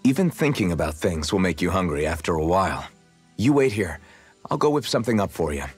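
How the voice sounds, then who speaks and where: A man's voice: sits low, brisk, breathy edge, faint music behind, heavily acted. An actor playing an earnest young male swordsman who proudly shows off his cooking, in a video game. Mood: warm. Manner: eager, proud, lively.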